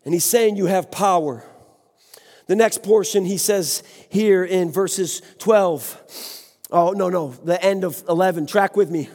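A man's voice: high-pitched, a little slow, a little mellow. A man preaching a sermon with passion, exclaiming and speaking to the congregation. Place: church sanctuary. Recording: long hall reverb.

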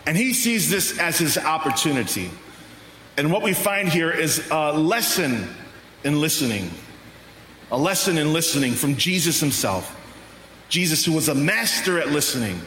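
A man's voice: a little high, bright, forceful tone, a little hiss or hum. A man preaching a sermon as pastor, emphatic, asking and answering his own rhetorical questions. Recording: roomy hall reverb, faint ambience.

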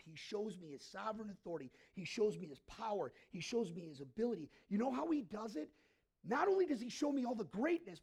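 A male pastor delivers a sermon in a gravelly voice with a husky edge. He keeps turning to the congregation with questions. He drops to a hush, then presses a point hard. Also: high voice. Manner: preaching with frequent questions to the congregation; swings between hushed and emphatic.

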